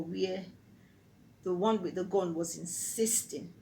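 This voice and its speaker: A woman's voice: on the low side, slow pace, vocal fry, warm tone, slight background noise, rough recording. A Nigerian woman telling a personal story on her vlog in an earnest, vivid way. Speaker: vlogger.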